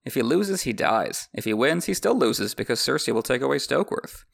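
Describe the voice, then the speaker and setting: A man's voice: mid-range voice, very animated, normal speed, vocal fry, a bit bright. A man hosting a podcast, reading a book aloud with wry, joking asides. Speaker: podcast host. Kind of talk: reading a book with comedic commentary.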